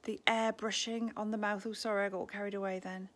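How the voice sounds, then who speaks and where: A woman hosting a live-streamed shop tour. She is chatty and gushing, sometimes dropping to a hushed near-whisper, and speaks into a handheld phone in an indoor shop. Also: medium pitch, flat delivery, a little fast. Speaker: shop host. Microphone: phone camera held in hand.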